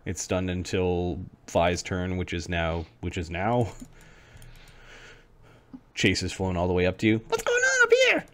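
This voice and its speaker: A man's voice: sits low, level tone, measured pace, long pauses. A man acting as game master, calling out rules and results matter-of-factly. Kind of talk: running a tabletop game.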